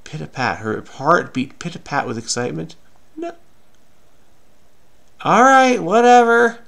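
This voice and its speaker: A man hosts a crossword-solving video with casual commentary, talking frenetically and muttering to himself as he searches. His voice is on the high side, creaky and a bit bright, with huge pitch swings and a somewhat slow pace.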